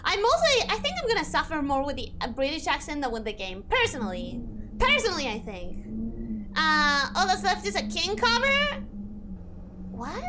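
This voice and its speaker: A young adult woman streaming a game, chatting casually with her chat, excitable, laughing often and repeating herself. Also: high-pitched, moderate pace, noisy background. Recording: music playing in the background.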